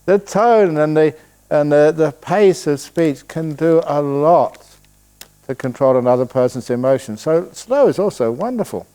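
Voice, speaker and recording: A man, a Buddhist monk, giving a relaxed dharma talk at a retreat, telling stories and answering questions with playful humor. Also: on the high side, clean tone. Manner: storytelling, playful, slows voice to demonstrate calm. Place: retreat hall.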